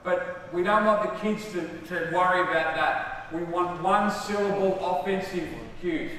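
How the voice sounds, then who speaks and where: A man's voice: high-pitched, steady tone, a little slow, fairly bright tone, a little hiss or hum. A man with an Australian accent coaching players through a basketball clinic, calling short cues and praise while explaining to the room. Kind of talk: on-court coaching demonstration. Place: large indoor gym. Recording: echoey gym heard from far off.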